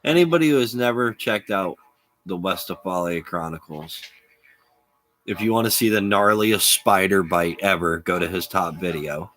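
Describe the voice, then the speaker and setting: A man's voice: deep voice, a little slow, a bit bright, soft background music. A man chatting with viewers on a live stream, rambling and laughing often. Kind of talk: casual live-stream chat.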